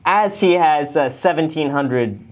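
A man hosting a casual reaction video, animated and joking, with mocking asides. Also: fairly high pitch, measured pace. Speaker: host, finance YouTuber.

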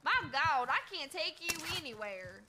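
A woman streamer with a very high voice talks bluntly and swears freely between game moments, thanking her chat as she plays. Game noise runs clearly underneath. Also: sing-song, normal speed. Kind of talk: casual gaming stream chat.

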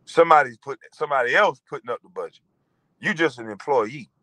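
A man in his forties ranting in a profane monologue, animated and mocking, breaking into laughter. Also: medium pitch, brisk, dry recording, low-quality recording. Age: 40s. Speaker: vlogger.

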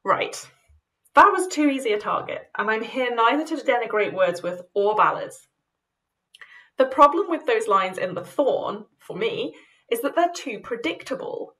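A woman's voice: a little high, measured pace, recorded from a distance, low-quality recording. Woman lecturer reading poetry aloud. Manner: reads verse aloud with lively emphasis; light self-mocking asides. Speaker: university lecturer.

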